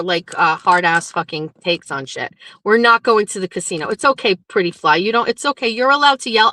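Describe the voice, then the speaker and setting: A middle-aged woman hosts a casual livestream in a mid-range, bright, forceful voice with no room sound. She rants bluntly with plenty of swearing, then turns chatty as she reads viewer comments.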